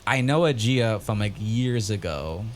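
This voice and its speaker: A man's voice: lowish voice, lively intonation, measured pace, slight background noise. A man co-hosting a casual podcast, telling a story animatedly and acting out dialogue in a raised voice. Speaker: podcast co-host.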